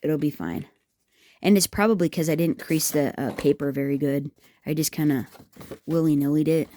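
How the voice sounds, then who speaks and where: A woman's voice: sits low, normal speed, warm tone, slight background noise. A woman hosting a craft tutorial, chatting and rambling to her viewers as she works, teasing herself along the way. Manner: rambling, talks to viewers as "guys", self-teasing. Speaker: craft video host.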